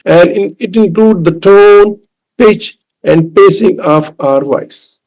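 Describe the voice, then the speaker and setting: A man with a Pakistani English accent lecturing as a professor, deliberate and repetitive, with fillers. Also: high voice, a little mellow, low-quality recording. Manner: slow, deliberate, repeats key points with fillers. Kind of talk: recorded lecture.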